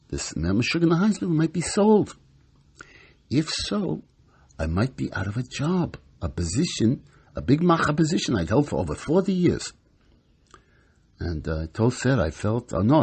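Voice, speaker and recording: A man's voice: medium pitch, darkish tone, husky, exaggerated voice. A man performing a comic stage monologue as an exasperated psychiatrist in his sixties and a grumbling grandfather, ranting and complaining with Yiddish words.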